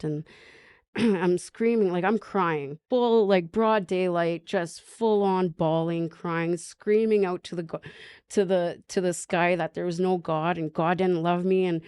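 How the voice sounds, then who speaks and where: Woman, podcast guest, candid personal story, halting, lots of restarts, raspy fry, dry close sound. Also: lowish voice, dark tone, no room sound. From northern Manitoba, Canada. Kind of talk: personal recovery story, conversational.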